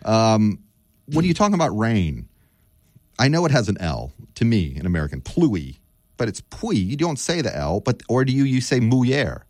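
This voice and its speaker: A man's voice: mid-range voice, sing-song, normal speed, a little mellow, no room sound. A man who wrote a book, a guest in a radio studio, talking casually and asking curious, self-deprecating questions about French. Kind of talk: radio interview conversation.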